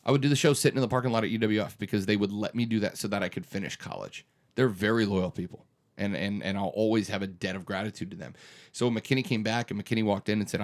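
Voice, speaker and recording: A man's voice: fairly low pitch, quick pace. A man in his thirties who hosts a radio morning show, speaking in an earnest, emphatic way with frequent restarts during a conversational interview.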